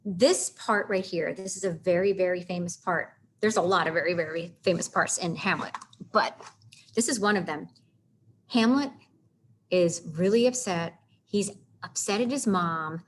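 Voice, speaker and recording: A woman teaching a casual literature lesson, chatty and animated, stopping to read lines of verse aloud with heavy stresses. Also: lowish voice, normal speed, a little hiss or hum. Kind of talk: casual classroom lecture on literature.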